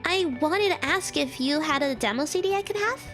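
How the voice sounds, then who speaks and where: A woman's voice: sits high, lively intonation, brisk, fairly bright tone, faint music behind. A woman reading a friendly party host. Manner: polite, encouraging reading of game lines.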